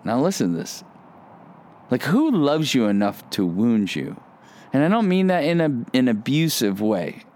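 A man's voice: medium pitch, measured pace. A man giving a conversational sermon, telling a personal story and acting out the dialogue in it. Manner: storytelling, animated, acts out quoted dialogue. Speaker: pastor.

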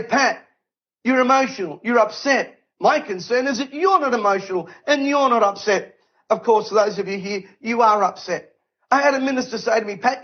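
A high-voiced man delivers a fiery sermon from the platform, driving his points home with repeated rhetorical questions. His delivery is emphatic and unrelenting, and the recording sounds a little dull and lo-fi. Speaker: preacher. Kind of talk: impassioned sermon. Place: event stage.

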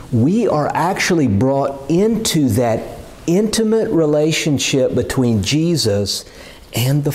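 A man's voice: fairly high pitch, darkish tone. A man preaching a sermon in an earnest, emphatic way, often repeating words as he builds a point.

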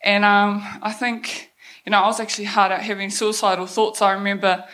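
A woman's voice: medium pitch, level tone, brisk, a bit bright. Frank young woman with a New Zealand accent. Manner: blunt, swears freely, laughs while telling. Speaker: speaker telling her life story. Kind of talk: candid personal story talk. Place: event stage.

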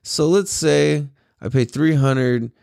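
A tired young man hosts his own casual solo podcast, rambling in a laid-back way with lots of swearing, fillers and laughs. His voice is a little high and a little mellow with vocal fry, he takes it slowly, and the recording is dry and studio quality.

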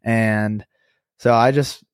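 A young adult man hosting a podcast, telling a story in a chatty, animated way with lots of fillers and self-corrections. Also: mid-range voice, slow, clean tone, dry recording, clean studio sound. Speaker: podcast host and company co-founder. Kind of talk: casual storytelling monologue.

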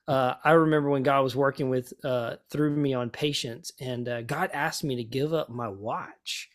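A man, a pastor and author, telling stories as a guest in an interview, lively and often repeating words as he thinks. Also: mid-range voice, moderate pace. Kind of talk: conversational storytelling.

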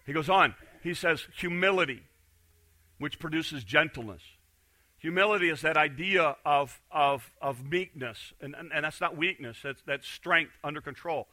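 A middle-aged man preaching with a very bright, forceful voice pitched a little high. He swings from loud emphasis down to quiet intensity and often restarts his words. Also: normal speed. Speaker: pastor. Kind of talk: sermon.

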